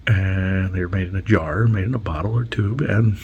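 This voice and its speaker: Gravelly, low-voiced man rambling. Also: normal speed, darkish tone, lo-fi sound. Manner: rambling, with frequent restarts and half-whispered asides. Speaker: podcast host. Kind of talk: casual monologue recounting dreams.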